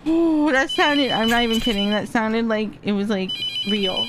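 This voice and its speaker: A woman's voice: fairly high pitch, normal speed, hardly any pauses, noisy background. A woman streaming a horror game, talking to her viewers and exclaiming when startled. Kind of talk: live horror gameplay commentary. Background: loud music.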